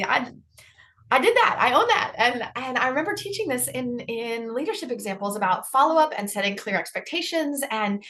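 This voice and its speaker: A woman co-hosting a leadership podcast, telling a story in a lively way and acting out the dialogue in it. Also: on the high side. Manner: animated storyteller, acts out quoted dialogue, repeats herself. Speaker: podcast co-host, leadership trainer. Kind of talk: casual conversation, storytelling.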